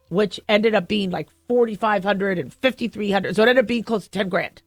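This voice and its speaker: A middle-aged woman hosting a talk radio show, telling a story in a lively way and acting out both sides of a phone call. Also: mid-range voice, brisk, few pauses, no echo, soft background music. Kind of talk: casual talk radio monologue. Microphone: studio microphone.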